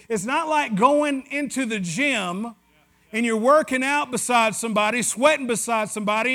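A man's voice: extremely high pitch, fairly bright tone. A man with a West Tennessee Southern accent preaching a sermon in a conversational, joking way, with asides to the congregation. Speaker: pastor.

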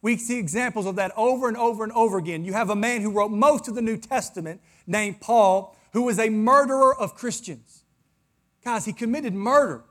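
A male pastor with a high voice delivers a sermon to his congregation in church. He swings between low, measured reflection and fervent, emphatic peaks that drive his points home. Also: fairly bright tone. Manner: preaching, rising to fervent emphasis.

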